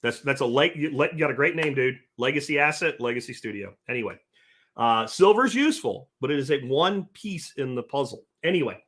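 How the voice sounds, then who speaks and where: A man's voice: medium pitch, animated, a little fast, fairly bright tone. A man hosting a livestream podcast, reading chat comments aloud and answering them in a blunt, profane rant. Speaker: podcast host.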